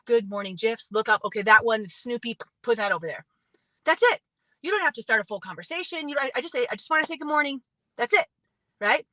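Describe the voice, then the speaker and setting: Young woman, motivational talker, high bright voice, casual and upbeat. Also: animated, fairly quick, no room sound, rough recording. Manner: chatty, upbeat, lots of "right?" and "you guys". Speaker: motivational speaker. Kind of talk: casual motivational talk to viewers.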